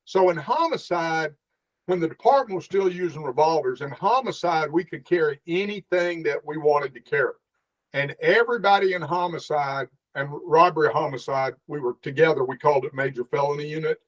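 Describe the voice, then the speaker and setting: A man's voice: fairly high pitch, brisk. A middle-aged man and former police officer telling stories in a casual interview, acting out the dialogue as he goes. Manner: animated storyteller, acts out the dialogue. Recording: dull lo-fi sound.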